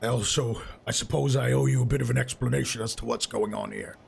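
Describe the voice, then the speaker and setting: A man's voice: medium pitch, steady tone, brisk, vocal fry, slight background noise. A man doing a curt wilderness guide. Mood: urgent.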